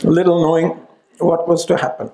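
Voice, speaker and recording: A man's voice: a little high, little pitch movement, normal speed, dark tone. A middle-aged man telling a family story at a gathering, acting out the voices of the people in it. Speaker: speaker at a spiritual retreat. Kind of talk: storytelling talk.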